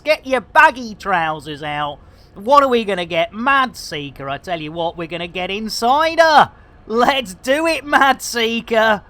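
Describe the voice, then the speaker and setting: Woman streamer, lively swooping voice, slow unhurried talk, jokey and loud at times. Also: fairly low pitch. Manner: jokey, theatrical, shouts greetings. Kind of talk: live game stream chat.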